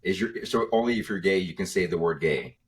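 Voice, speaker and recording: Young man, comedian guest, very deep voice, laid-back rambling stories, faint background hum. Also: animated, a little fast. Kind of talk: casual podcast chat.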